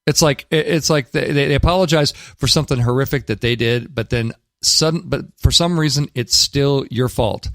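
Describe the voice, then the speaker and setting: A man's voice: medium pitch, normal speed, few pauses, fairly bright tone, dry recording. A man hosting a talk radio show in a studio, giving blunt, emphatic opinions with frequent restarts. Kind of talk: casual talk radio commentary.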